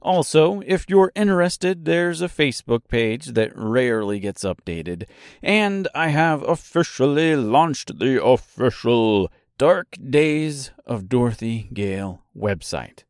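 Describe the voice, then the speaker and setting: Slow, animated man hosting a podcast. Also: mid-range voice, no echo, studio quality. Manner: playful, fond of puns and dad jokes; chatty, addresses listeners directly. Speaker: podcast host and author. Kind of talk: solo book discussion podcast.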